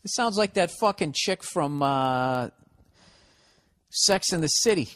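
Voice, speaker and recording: A man's voice: a little high, lively intonation, takes it slowly, a bit bright. A man with a Boston accent hosting a comedy podcast, reading a listener's letter aloud and mocking it in a sarcastic, profane rant. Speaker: podcast host.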